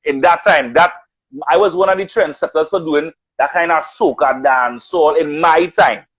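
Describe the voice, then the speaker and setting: A man's voice: on the high side, moderate pace, husky, rough recording. A man telling stories of his music career in casual chat, acting out what others said. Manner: animated storyteller, acts out quotes. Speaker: radio announcer and artist.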